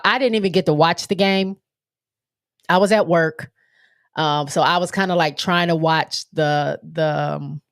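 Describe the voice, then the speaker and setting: A woman's voice: low-pitched, smooth, no room sound, studio quality. A woman hosting a casual live-stream sports talk show, sounding stuffy and nasal from allergies, rambling with many fillers and restarts. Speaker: show host.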